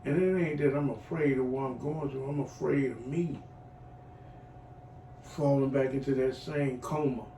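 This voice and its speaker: A middle-aged man giving heartfelt personal testimony as a client in a recovery program, earthy and animated, acting out voices as he tells his story. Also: medium pitch, moderate pace. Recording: echoey room, voice from far off, faint noise.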